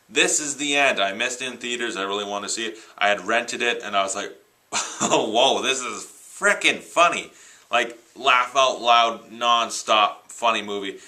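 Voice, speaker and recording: In a casual, self-recorded vlog on a handheld camera, a man chats excitedly and rambles about his new films. His lower voice sounds pushed and bright, and the recording quality is low.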